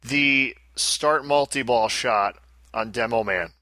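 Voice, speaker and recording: A man's voice: mid-range voice, slow pace, sharp tone, dry recording. A man co-hosting a casual pinball podcast, joking and self-deprecating in loose banter. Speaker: podcast co-host.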